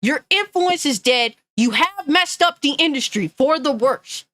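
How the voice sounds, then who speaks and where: High-pitched woman, bright voice, dry close sound, furious profane gaming rant. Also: expressive, unhurried, no room sound. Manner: angry, profane, blunt; reads chat comments aloud. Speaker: gaming news streamer. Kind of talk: ranting live commentary.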